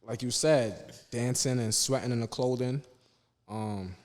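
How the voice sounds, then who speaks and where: Brief: young male designer guest, laid-back and earnest, mid-pitched, long reverb. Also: a little slow, darkish tone. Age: young adult. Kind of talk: casual interview chat.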